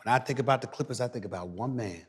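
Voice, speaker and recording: A middle-aged man as a guest commentator, talking loudly and emphatically on a podcast. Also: mid-range voice, very fast. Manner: loud, animated, preacher-like emphasis. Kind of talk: emphatic podcast interview talk. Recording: reverberant room.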